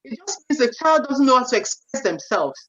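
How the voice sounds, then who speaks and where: A woman in her forties giving an animated parenting talk at a seminar, often saying "you know" and acting out what parents and children say. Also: high-pitched, fairly quick, slight background noise. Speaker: seminar speaker. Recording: dull lo-fi sound.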